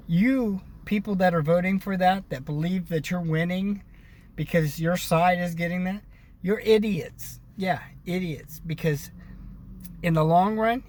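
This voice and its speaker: Ranting male vlogger, American, slightly high, preachy, repetitive. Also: a little hiss or hum. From United States. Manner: ranting, preachy, repeats himself; addresses viewers as brothers and sisters. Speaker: video blogger. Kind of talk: casual opinion monologue to camera.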